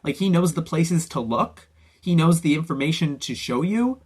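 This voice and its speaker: A male commentator rants his way through a review show, unscripted and loose. His voice sits a little high, and he swears freely and slips into mocking quotes of other creators. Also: lively intonation, normal speed, breathy edge. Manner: ranting, profane, mocking impressions. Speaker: anime YouTube commentator.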